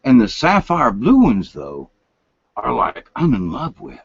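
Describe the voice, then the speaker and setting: In a dim room at home, an older vlogger meanders through a folksy late-night ramble, now and then falling to a whisper. His medium-pitched voice swings hugely in pitch, runs a little slow, and carries vocal fry and a breathy edge, with no echo on the dull lo-fi recording.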